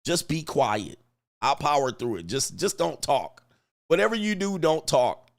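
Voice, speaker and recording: A man's voice: fairly high pitch, expressive, unhurried, gravelly. A man hosting a livestream reaction commentary, talking in a blunt, mocking way and chuckling often. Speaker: commentary host.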